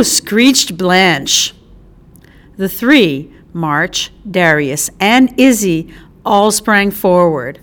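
Expressive woman reading an audiobook. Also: mid-range voice, drawn-out words. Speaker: audiobook narrator. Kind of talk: audiobook narration.

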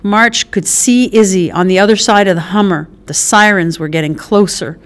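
A woman narrating an audiobook in a measured, expressive way. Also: mid-range voice. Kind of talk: scripted narration.

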